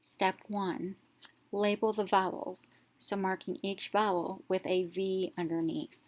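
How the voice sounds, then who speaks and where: A woman teacher narrating a reading lesson, explaining step by step and sounding out letters clearly. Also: medium pitch, flat delivery, measured pace.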